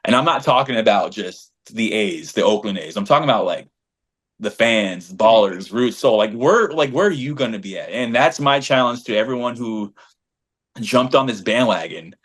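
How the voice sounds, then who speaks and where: Animated man telling a fan story. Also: fairly low pitch, moderate pace. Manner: animated, slangy, emphatic storyteller. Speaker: podcast co-host and fan group leader. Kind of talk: casual podcast chat, storytelling.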